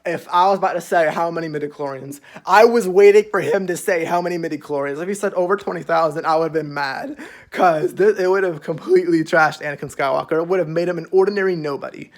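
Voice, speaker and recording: A young man reviewing a show rambles through an episode recap, swearing freely and leaning on fillers. His voice sits a little high, and he talks fast.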